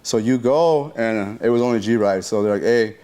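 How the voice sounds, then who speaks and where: A man's voice: lowish voice, normal speed, clear, resonant tone. Slangy man telling a story, sound effects and all. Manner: slangy, profane talk full of sound effects; animated retelling that acts out what people said. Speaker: interview guest telling a story. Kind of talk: casual storytelling interview.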